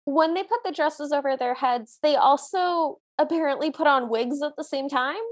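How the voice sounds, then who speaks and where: High-voiced woman podcast co-host. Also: normal speed. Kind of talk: casual review chat.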